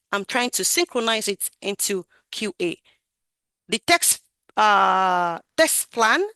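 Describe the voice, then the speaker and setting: A woman gives an animated, emphatic talk over a video call about growing her career as a QA tester, raising and lowering her voice for emphasis. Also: no echo. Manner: animated, emphatic, varies her loudness and projection. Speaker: QA tester sharing career story. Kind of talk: talk on a webinar.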